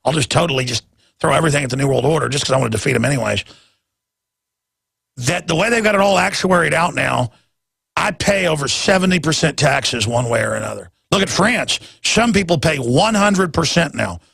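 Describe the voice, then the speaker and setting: A man hosting a talk radio show, ranting in a rambling way and jumping suddenly into loud, emphatic bursts. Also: a little high, lively intonation, fairly quick, gravelly, husky, no echo, clean studio sound.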